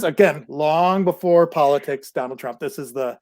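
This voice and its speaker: A man's voice: a little high, normal speed, a little mellow. A man hosting a podcast, telling a long story in a loose, rambling way, laughing often and saying "like" a lot. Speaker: podcast host. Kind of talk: casual storytelling chat.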